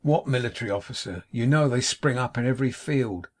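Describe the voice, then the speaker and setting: A man doing a stern young English gentleman. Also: mid-range voice, brisk, lightly acted. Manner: stern, clipped.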